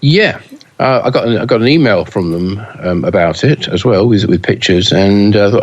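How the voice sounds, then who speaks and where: A man with a very low voice co-hosts a casual pinball podcast. He talks hesitantly, full of fillers and false starts. The audio is dull and lo-fi. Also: lively intonation, normal speed. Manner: hesitant, many fillers and restarts. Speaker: pinball news podcast co-host.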